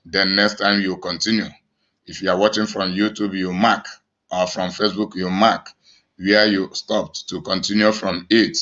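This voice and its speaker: A man's voice: sits low, level tone, normal speed, bright, forceful tone, dull audio. A man with a Nigerian accent, an evangelist preaching emphatically to his online audience, with many restarts and fillers. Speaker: evangelist and channel host.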